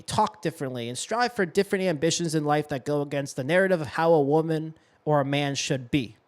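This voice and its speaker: A young adult man from Massachusetts, a podcast host and coach delivering an impassioned, preachy monologue with emphatic stress and blunt swearing. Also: a little high. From Massachusetts, USA. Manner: preachy, emphatic, with profanity and self-corrections.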